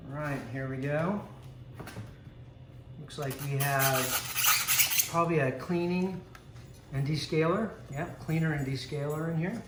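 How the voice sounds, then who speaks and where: A relaxed man talks his way through an unboxing at home, rambling with ums and little asides, his voice a bit higher than most. He sits back from the mic in an echoey room. A steady hiss of noise runs under him. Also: a little slow, pauses often. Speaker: vlogger unboxing a coffee maker. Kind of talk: casual unboxing commentary. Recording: echoey room, distant mic, noisy background.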